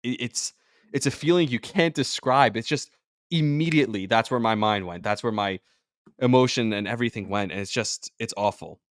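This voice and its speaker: A man hosting a sports podcast in an emotional, rambling way, jumping from thought to thought. He sounds drained. His voice sits at a middling pitch and is recorded dry and close, with no room sound. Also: moderate pace, no echo. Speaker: podcast host and sports radio personality.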